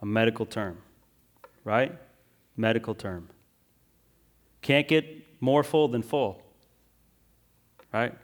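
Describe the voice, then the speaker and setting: A male pastor preaching a sermon, moving between urgent emphasis and quiet, drawn-out phrases, often checking in with listeners. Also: medium pitch, expressive. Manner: swings from loud and urgent to hushed and slow, with frequent "right?" asides.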